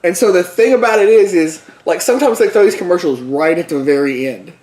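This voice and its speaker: High-voiced man recapping a movie in a roomy echo. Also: fairly quick, darkish tone. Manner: rambling, jokey storytelling with asides. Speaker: podcast co-host. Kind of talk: casual movie recap chat.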